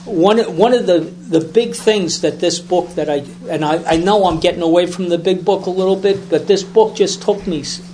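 A man's voice: high voice, moderate pace, hardly any pauses, mellow, a little hiss or hum. A man telling a story at a recovery meeting in casual, rambling talk, repeating words and acting out voices as he goes.

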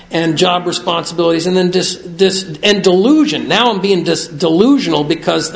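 A man's voice: fairly high pitch, moderate pace, vocal fry, hardly any pauses. A middle-aged man talking candidly to a group, reading from his notes and joking at his own expense. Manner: self-mocking, confessional, reads aloud from notes. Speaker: speaker sharing at a recovery meeting. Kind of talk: candid personal talk to a group. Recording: echoey room.

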